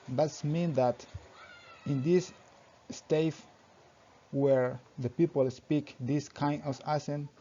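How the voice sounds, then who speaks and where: A young man reads his class presentation aloud in short, halting phrases, stumbling over grammar now and then. His voice is dark and mellow, and the recording sounds dull and lo-fi. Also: a little high. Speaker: student presenter.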